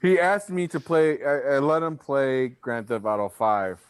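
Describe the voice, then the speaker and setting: A man's voice: medium pitch, measured pace, clear, resonant tone, no room sound. Blunt, profane man, dry close sound. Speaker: podcast co-host. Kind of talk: casual chat.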